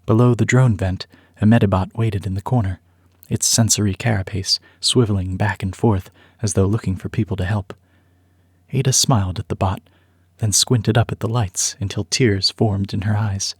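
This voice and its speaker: A male narrator reads a story script at a measured, even pace. His voice is low and slightly husky. The recording is close and dry, with no room sound. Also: no echo.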